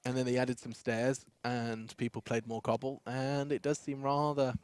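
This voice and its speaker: A young English man doing live esports play-by-play in a playful, quick manner. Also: medium pitch, flat delivery, a little mellow, smooth, no room sound. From England. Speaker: esports caster. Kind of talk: live match commentary.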